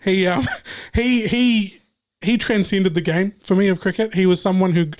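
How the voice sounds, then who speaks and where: A man from New Zealand, his voice sitting high with a steady tone, speaks at normal speed as a panelist on a casual podcast. He shares a memory earnestly, hesitating at the start of his sentences.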